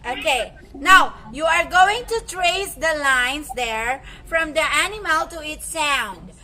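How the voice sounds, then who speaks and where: A woman's voice: high-pitched, animated, slow, bright, forceful tone. A Filipino woman teaching young children in an online class, patiently mixing English and Tagalog and imitating animal sounds.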